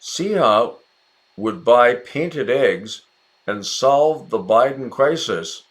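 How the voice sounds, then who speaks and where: A man with an American accent teaching English in a relaxed, chatty way, encouraging viewers and calling them by name. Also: medium pitch, slow pace. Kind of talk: casual ESL lesson narration.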